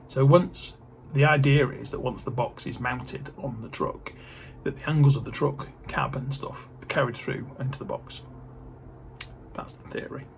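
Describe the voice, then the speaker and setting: A man's voice: mid-range voice, normal speed, gravelly, a little hiss or hum. A middle-aged man, chatting casually on his vlog in a rambling, joking way full of fillers. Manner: rambling, jokey, many fillers. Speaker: vlogger.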